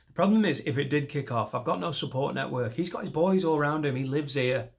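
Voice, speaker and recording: A comedian in his thirties rambles through a stand-up routine, poking fun at himself. His voice sits at an ordinary middle pitch, and he breaks into loud, high voices to act out the scenes he imagines. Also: brisk, vocal fry. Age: 30s. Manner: rambling and self-mocking, jumping into shouted voices for imagined scenes. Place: comedy stage.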